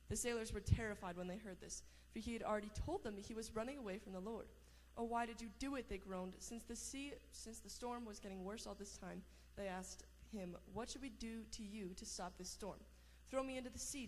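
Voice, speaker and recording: A woman reads a long Bible passage aloud at an even pace, stumbling now and then and restarting a word. The sound is a hall with a long echo and a faint hum of room ambience behind her. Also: mid-range voice. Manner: steady reading with small slips and restarts. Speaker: scripture reader. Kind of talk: reading scripture aloud.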